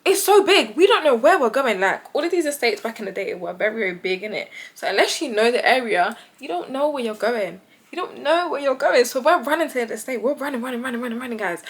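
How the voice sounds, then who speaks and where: A young woman with a British accent telling a story to her vlog audience, animated and acting out the voices of the people in it. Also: fast. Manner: animated, acts out quoted voices with big pitch jumps. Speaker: vlogger.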